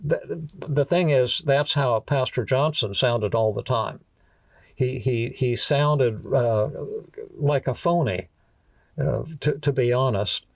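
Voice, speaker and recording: A man hosting a podcast, telling a story in a halting way, often repeating words and restarting his sentences. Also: medium pitch, gravelly, no echo, far from the mic.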